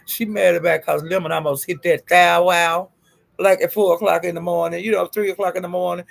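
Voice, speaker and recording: High gravelly man dishing sassy gossip. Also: fairly quick. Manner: sassy and profane, calls listeners honey and child; animated, jumps up in pitch for emphasis. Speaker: gossip vlogger. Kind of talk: casual gossip storytelling.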